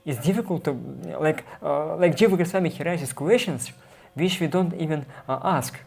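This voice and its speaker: A man teaching a scripture class, reading passages aloud and explaining them haltingly, with many fillers and restarts. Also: on the high side, creaky, darkish tone. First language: Russian.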